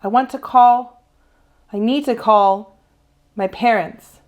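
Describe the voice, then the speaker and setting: A woman reading aloud to children, voicing a frightened, hurt young boy who pleads in halting bursts. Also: on the high side, phone-quality sound. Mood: pleading.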